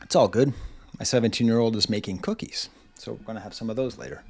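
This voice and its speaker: A man's voice: on the low side, fast talker, vocal fry, darkish tone. Rambling man reviewing an album. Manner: rambling, self-interrupting, lots of "like". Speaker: music reviewer. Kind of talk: casual video album review. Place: home.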